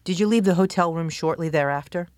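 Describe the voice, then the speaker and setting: A woman prosecutor questioning a witness in court, with measured, probing questions. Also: fairly low pitch, a little mellow, no room sound, clean studio sound.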